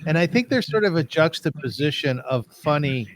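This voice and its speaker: A man's voice: a little high, expressive, normal speed, no room sound. A man in his sixties hosting an interview, conversational and asking probing follow-up questions. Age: 60s. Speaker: podcast host.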